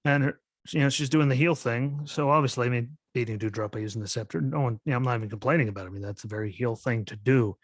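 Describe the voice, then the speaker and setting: A man hosts his own podcast and rants into a close, dry mic. He sounds skeptical and exasperated, sprinkling "like" and "literally" through his talk, and his voice sits at an ordinary middle pitch for a man. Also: fast, dry recording. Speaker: podcast host. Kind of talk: solo wrestling commentary podcast.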